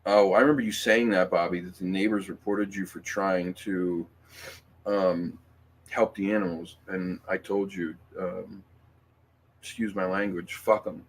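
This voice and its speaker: Low-voiced rambling male livestream host. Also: fairly even intonation, a little slow, slight background noise. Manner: rambling, emphatic, swears, with many fillers and restarts. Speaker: livestream host reading viewer comments. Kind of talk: casual livestream chat.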